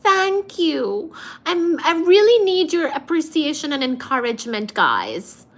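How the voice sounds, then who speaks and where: A woman hosting a casual livestream, reading out and thanking viewers' comments, with frequent laughs and throat-clearing. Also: high-pitched, sing-song, unhurried. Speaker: livestream host.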